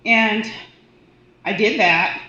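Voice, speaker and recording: A woman who works as a hospice volunteer and death doula, telling a personal story in a casual, animated way. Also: medium pitch, extremely slow. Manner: animated, acts out quoted voices. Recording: roomy, dull audio with faint noise.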